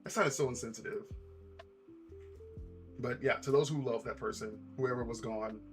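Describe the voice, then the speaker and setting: A man's voice: medium pitch, moderate pace, soft background music. A man chatting casually on a live stream, rambling with lots of repeats and asides to his chat.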